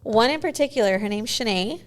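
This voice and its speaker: A woman's voice: a little high, lively intonation, a little fast. A woman in her forties, a guest in a casual interview, telling stories in a chatty way with many "you know"s.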